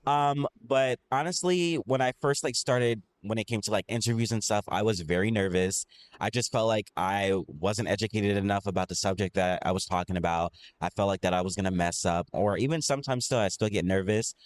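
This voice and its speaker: A man's voice: on the low side, a little fast. A young man in his late teens, a student reporter speaking earnestly at a live event, with frequent filler words. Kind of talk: reflective talk at a live event. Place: library event hall, live audience.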